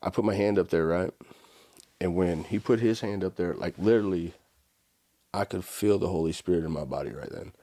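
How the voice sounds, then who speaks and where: Man, very low voice, casual storyteller, dry close sound. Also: a little fast, no echo. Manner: casual, animated storytelling with frequent "right?" and "like". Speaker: podcast guest. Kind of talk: conversational storytelling.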